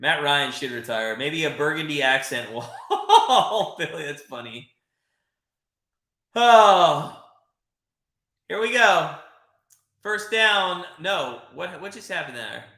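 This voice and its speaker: A man hosting a live game-watching stream, reacting out loud and chatting with his viewers. His voice is bright and forceful, a bit high for a man, and it rings in an echoey room. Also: slow, long pauses. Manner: excitable, chatty, swears, reads chat. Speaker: livestream host. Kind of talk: live watch-party commentary.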